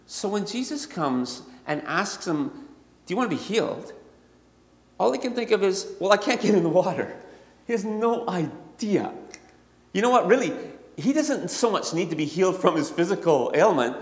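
A man preaching a sermon in a conversational way that builds to animated emphasis, heard in a church hall. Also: high voice. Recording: echoey hall, long reverb.

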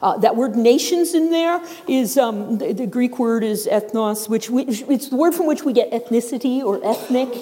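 A middle-aged woman preaching a sermon in a church, telling the story in a lively way and acting out the characters' voices. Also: a little high, normal speed, hardly any pauses. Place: church sanctuary. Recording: long reverb of a large hall.

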